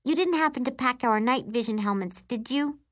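Lady putting on a squeaky little sister, geeky and whiny, storybook kid voice. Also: moderate pace, close to an everyday voice. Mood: eager. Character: sleepy, bookish little sister, young girl. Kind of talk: audiobook character voice.

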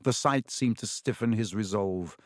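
Here a man narrates an audiobook at a calm, even pace, his voice pitched on the low side. The sound is clean studio audio without echo.

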